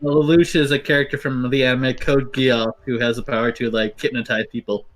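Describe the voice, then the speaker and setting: A man, a player at a tabletop game, chatting casually in a loud, excitable way. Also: mid-range voice, a little fast, rough recording. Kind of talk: casual chat.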